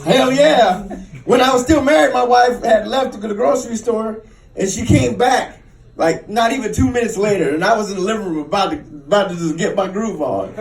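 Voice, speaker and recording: A man doing a stand-up comedy set, telling crude stories with an animated delivery and squealing into high voices for other people. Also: fairly quick, vocal fry. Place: comedy club stage. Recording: roomy club sound, mic a bit distant.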